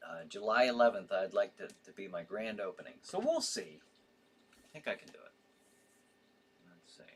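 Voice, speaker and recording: Tired guy chatting on his horror stream, lively pitch, keeps restarting himself. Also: gravelly, a little hiss or hum. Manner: rambling, halting, with frequent restarts and yawns. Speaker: host of a horror livestream. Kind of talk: casual live-stream chat reading viewer comments.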